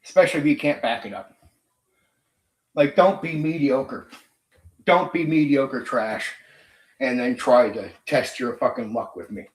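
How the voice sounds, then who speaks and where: A man's voice: medium pitch, a little slow, pauses often, roomy sound. A man hosting his own channel, ranting in a blunt, profane, combative casual monologue. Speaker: channel host.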